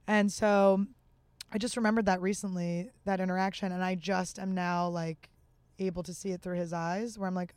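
Woman guest, candid storyteller, emotional and open, smooth tone, dry close sound. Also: on the low side, flat delivery, brisk, darkish tone, no room sound. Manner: emotional and open, with many fillers.

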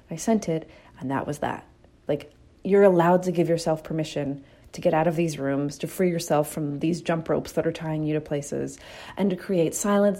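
Woman host doing a chill motivational talk, kinda low warm voice, tells little stories, swears a bit. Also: moderate pace. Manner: candid, storytelling, with casual swearing.

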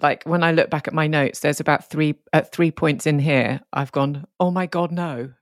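British woman with a low voice, laughs a lot, teasing chat on a podcast, dry mic. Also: flat delivery, normal speed, dry recording. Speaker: podcast co-host. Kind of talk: casual chat.

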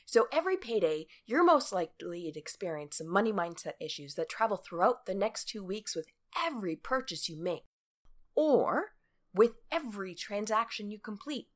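Blunt, swearing woman with a lively voice. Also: mid-range voice. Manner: blunt and profane, acts out everyday scenes in quick quoted voices. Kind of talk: motivational talk addressed to the listener.

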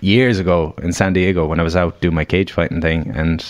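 A man's voice: low voice, steady tone, a little fast. A man, chatting as a podcast guest in a studio. He tells his stories casually and laughs at them a lot. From Ireland. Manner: laughs often while telling anecdotes. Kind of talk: casual interview chat. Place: recording studio.

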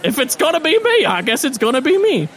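A man voicing an excitable, grandstanding male town mayor in a tabletop game. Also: extremely high pitch, brisk, voice pushed up, heavily acted. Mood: boisterous. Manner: boisterous, grandstanding.

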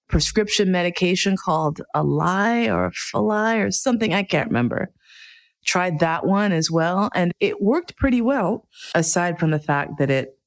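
A middle-aged woman telling a candid, profane, self-mocking story as a monologue. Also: on the low side.

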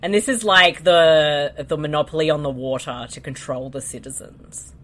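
A woman's voice: deep voice, normal speed, a bit bright. A woman co-hosting a podcast, chatting bluntly, swearing and laughing often. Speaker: podcast co-host. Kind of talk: casual chat.

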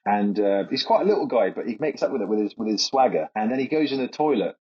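A man's voice: lowish voice, lively intonation, fast talker. A man in his thirties, a comedian guest, telling casual anecdotes in a hesitant, rambling way and laughing through them. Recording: dull lo-fi podcast audio.

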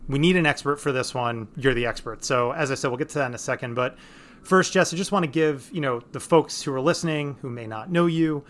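A man's voice: mid-range voice, brisk, fairly bright tone. Man, podcast host, casual rambling chat, lots of restarts. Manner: rambling, with many restarts and fillers.

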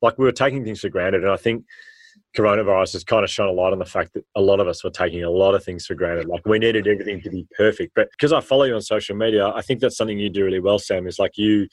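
An Australian man in his thirties, a guest telling stories in a casual interview, animated and acting out the voices he quotes. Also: on the low side, fast, no room sound.

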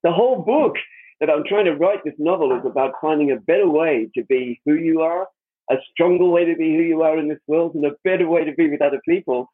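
A man's voice: fairly high pitch, brisk, breathy edge. A man being interviewed as an author, telling a personal story earnestly and with animation, repeating words when he stresses a point. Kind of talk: spoken anecdote, storytelling. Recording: tinny phone-line or radio sound.

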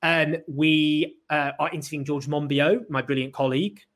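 A man's voice: a little high, fairly even intonation, fairly bright tone. A British man hosting a live political show alone, speaking passionately with frequent restarts and fillers. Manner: impassioned, halting with restarts. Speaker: show host. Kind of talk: solo live political commentary.

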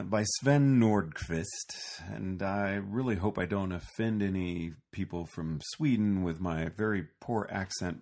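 A man reading a storybook aloud with expressive, animated narration. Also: sits low.

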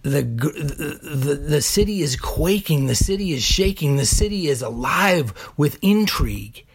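A man preaching a sermon deliberately, building emphasis through repeated phrases. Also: fairly high pitch, lively intonation, slightly rough. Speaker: pastor.

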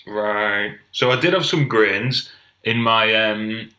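A young man from North East England chats casually as a podcast co-host, spinning dry, sweary anecdotes. His voice is bright and forward, and the room around him rings with echo. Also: on the low side, slow pace. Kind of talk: casual chat.

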